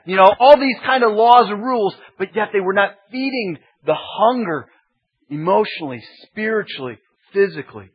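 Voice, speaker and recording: A male pastor delivers an expository sermon with emphatic, repetitive build-ups. His voice is husky and sits a little high. The recording is dull and lo-fi. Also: animated, normal speed.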